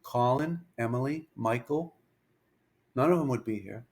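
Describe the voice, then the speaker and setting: A man in his fifties, a pitching coach telling a story in an interview, lively and anecdotal, acting out bits of dialogue. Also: a little slow.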